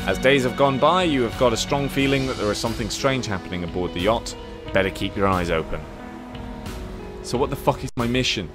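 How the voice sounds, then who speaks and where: A man streaming a video game, chatting casually, reading its text aloud, swearing and yelping with excitement. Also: brisk. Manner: excitable, swears and laughs, jumps into high yelps. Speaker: livestreaming gamer. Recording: game music playing under the voice. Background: game music.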